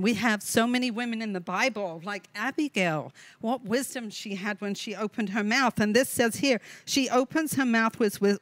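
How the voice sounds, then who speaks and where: A woman's voice: fairly high pitch, a bit bright, no echo. Earnest woman teaching Bible devotional. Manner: earnest, reads scripture aloud with asides. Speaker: women's ministry leader. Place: online video session with a co-host.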